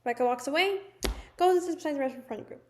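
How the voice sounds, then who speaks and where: A young woman telling a personal story in a casual, animated storytime manner, with lots of "like"s. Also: sits high, racing, slight background noise. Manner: chatty, animated storytelling with many "like"s. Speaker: vlogger.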